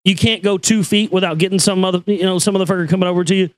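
High-voiced middle-aged guy ranting, swearing a lot, stumbling over his words, dry close sound. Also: fairly even intonation, rapid-fire, no echo. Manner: profane, exasperated, repetitive restarts. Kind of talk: ranting personal story.

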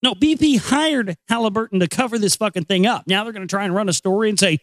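A man's voice: high voice, fast, hardly any pauses, no echo. A man hosting a show, ranting bluntly and sarcastically about the news with plenty of profanity, then reading aloud from a book. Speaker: show host.

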